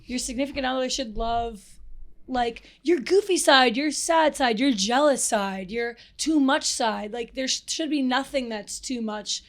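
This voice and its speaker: A woman's voice: high voice, a little slow. A young woman in her twenties co-hosting a podcast, talking casually and jumping into the conversation often. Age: 20s. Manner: animated, jumps in often, swears. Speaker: podcast co-host. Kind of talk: casual chat.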